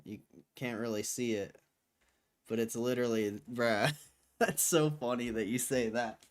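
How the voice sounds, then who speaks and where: A man's voice: medium pitch, steady tone, measured pace. A young man hosting a livestream who chats casually with viewers in a laid-back, slangy way, full of fillers. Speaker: livestream host. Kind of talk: casual chat reading viewer comments.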